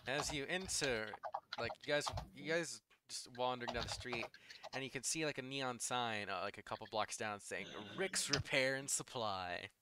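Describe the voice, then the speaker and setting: A man's voice: mid-range voice, moderate pace, noisy background. A young man narrating a tabletop game as game master, rambling with lots of fillers.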